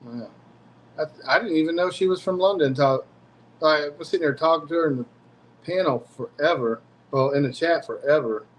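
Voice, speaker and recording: Relaxed man chatting, faint background hiss. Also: fairly high pitch, fairly quick, low-quality recording. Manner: relaxed, repeats words when starting. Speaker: host. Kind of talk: casual chat.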